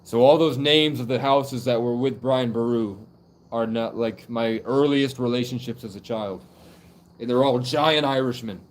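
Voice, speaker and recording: A man's voice: medium pitch, normal speed. A young man livestreaming and talking in a loose, rambling way, full of "like" fillers. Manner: rambling, heavy use of "like" fillers. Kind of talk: casual live stream monologue.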